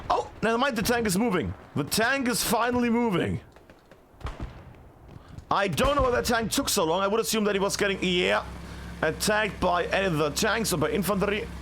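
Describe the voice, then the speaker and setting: A man casting a competitive video game match live, his voice sitting high and swinging widely as he reacts. He talks in a loose, chatty way, full of fillers, and gets excited when the action heats up. Faint game sounds hum underneath. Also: normal speed. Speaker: esports caster.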